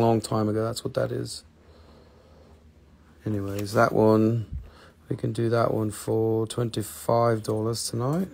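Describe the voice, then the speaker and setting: A man's voice: lowish voice, creaky. A man hosting a live online sale, talking casually and enthusiastically, rambling and swearing now and then. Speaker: host selling rocks and minerals on a live stream. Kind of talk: casual live sales chat.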